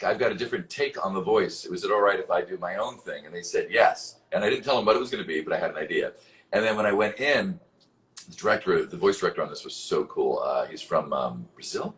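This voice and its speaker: Deep-voiced man, rambling casual Q&A. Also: fairly bright tone, poor audio. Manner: rambling, filler-heavy, swears casually. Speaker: voice actor answering fan questions. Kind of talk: casual live-stream Q&A. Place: at home.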